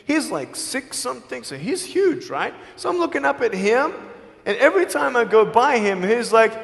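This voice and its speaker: A man with an Australian accent giving a live motivational speech, telling his story emphatically and swinging between loud and hushed. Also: extremely high pitch, sing-song, moderate pace, gravelly. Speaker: motivational speaker. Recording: long hall reverb.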